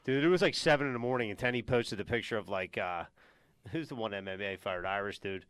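A man's voice: on the low side, fast, a bit bright, clean tone, no room sound. A man in his thirties, a podcast co-host, rambling through stories in a casual group chat with lots of filler words. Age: 30s. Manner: rambling storyteller, heavy on "like" and "dude".

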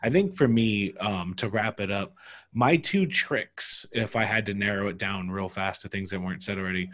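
A man's voice: lowish voice, normal speed, fairly bright tone. Male game master, loose rambling podcast delivery, heavy filler words. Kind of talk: casual podcast discussion.

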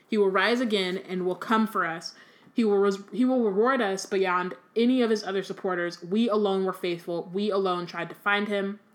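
A woman reading aloud the lines of a proud, defiant witch loyal to a dark master, a little lower and quieter than her narration. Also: normal speed, natural voice.

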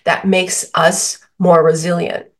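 A woman's voice: fairly low pitch, little pitch movement, slow pace. A woman guest on a podcast interview, explaining feelings with everyday examples and quoted dialogue. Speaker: author and guest.

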